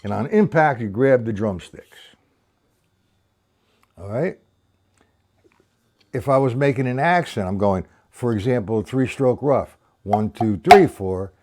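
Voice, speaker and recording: Speaking with a medium pitch and a somewhat dark tone, an older drum teacher rambles through a live-streamed lesson, full of opinions and counting the beats aloud. His intonation is lively, his pace unhurried, with long pauses.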